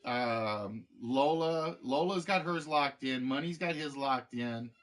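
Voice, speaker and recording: A man's voice: mid-range voice, takes it slowly. A man hosting a live game show stream, chatting casually with viewers in a rambling way, full of fillers and restarts.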